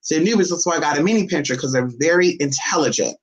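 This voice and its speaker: Brash and sassy, this vlogger swears a lot and talks animatedly and fast, addressing both the camera and a pet dog, while the audio sounds dull. Everyone gets called "honey," and the voice leaps to a high squeak when teasing the dog. It's a casual, profane home vlog recorded indoors on a phone or camera set down nearby.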